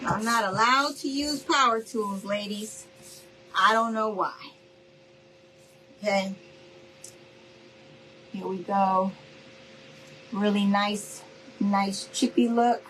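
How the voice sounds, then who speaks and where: A woman's voice: mid-range voice, takes it slowly, pauses often, a bit bright, slight background noise, low-quality recording. A middle-aged woman, chatting casually and folksily to her viewers while she does a craft project at home. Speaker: craft video host. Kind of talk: casual livestream crafting chat.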